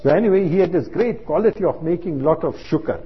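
A man's voice: fairly high pitch, lively intonation, quick pace, breathy edge. A man preaching a sermon, telling anecdotes and acting out the dialogue. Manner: storytelling, acts out quoted dialogue. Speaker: Islamic preacher. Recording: muffled lo-fi recording.

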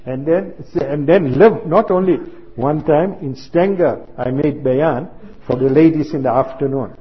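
Telling stories in his sermon and performing each character's lines, this Islamic preacher speaks a little slowly in a husky, fairly high voice. The recording comes across muffled and lo-fi.

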